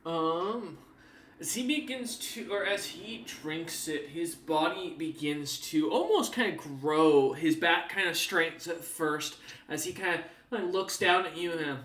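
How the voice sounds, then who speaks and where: Bright-voiced male game master. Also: fairly high pitch, lively intonation, measured pace. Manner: descriptive with frequent fillers. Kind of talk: narrating a tabletop game. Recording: echoey room, distant mic.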